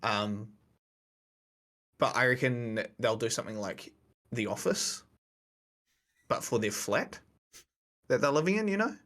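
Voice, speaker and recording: A man's voice: medium pitch, expressive, measured pace, pauses often, fairly bright tone. A young man co-hosting a podcast, chatting casually in a rambling, slangy way. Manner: rambling, slangy, laughs often. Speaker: podcast co-host. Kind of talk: casual chat.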